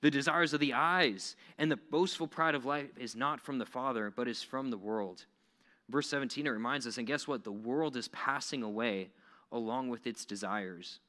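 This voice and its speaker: A man's voice: mid-range voice, bright, forceful tone. A young man giving a casual, conversational sermon, acting out quoted voices. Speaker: preacher.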